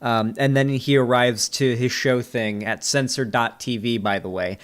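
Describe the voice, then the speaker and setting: A man's voice: medium pitch, fairly even intonation, normal speed. A man streaming a review of a debate, talking in casual, joking commentary full of fillers and swearing, at a desk mic. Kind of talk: casual profane reaction commentary.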